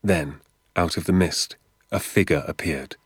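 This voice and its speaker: Male narrator, storybook reading, deep voice, unhurried and expressive, dry close sound. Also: slightly rough, no echo. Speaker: audiobook narrator.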